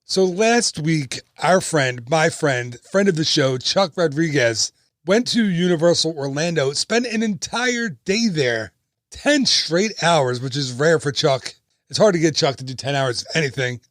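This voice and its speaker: A man's voice: on the high side, lively intonation, measured pace, dry recording, clean studio sound. A man in his thirties hosting a casual travel podcast, upbeat and chatty with joking asides. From United States. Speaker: podcast host and travel agent.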